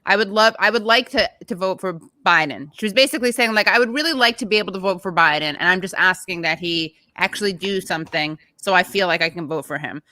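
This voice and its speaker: A woman's voice: lowish voice, fast talker, hardly any pauses, bright, forceful tone, dry recording. A woman hosting a political show over a video call, speaking in a hesitant, searching way. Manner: hesitant, many fillers and restarts. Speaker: podcast host. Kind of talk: casual political chat.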